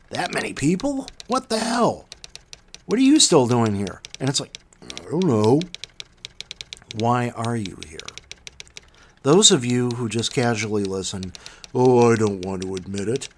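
A man hosting his own podcast in casual solo talk, self-mocking and animated, swinging between loud bursts and muttered asides. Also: mid-range voice, slight background noise. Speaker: podcast host.

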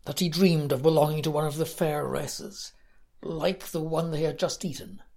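A woman reading her own short fantasy story aloud in a lively, animated way. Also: deep voice, normal speed, vocal fry. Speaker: story contributor.

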